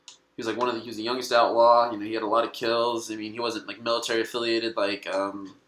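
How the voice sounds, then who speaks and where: A man rambles through casual podcast talk, swearing and laughing as he goes. His voice is bright and clear, with the room's echo around it. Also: on the low side, level tone, quick pace. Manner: rambling, profane, laughing often. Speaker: comedian guest.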